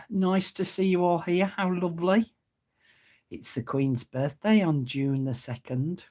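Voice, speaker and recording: Slow, chatty woman. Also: lowish voice, fairly even intonation, mellow. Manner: chatty, homely, reads out and chuckles at comments. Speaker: crafting livestream host. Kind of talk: casual live-stream chat greeting viewers.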